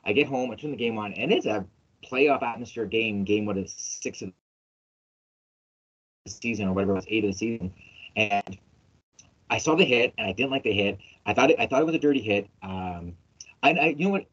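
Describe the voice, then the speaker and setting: A man hosting a casual sports podcast, telling stories in an animated, emphatic way with plenty of swearing. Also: fairly low pitch, a little fast, long pauses, breathy edge. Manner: animated, emphatic storytelling, profane. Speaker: podcast host. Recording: dull lo-fi audio.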